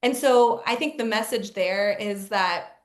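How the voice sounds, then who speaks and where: A woman speaker and coach, a guest in an interview, telling stories in a lively, casual way with frequent "like". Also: medium pitch, measured pace. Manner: lively storyteller, fills speech with "like". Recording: echoey room.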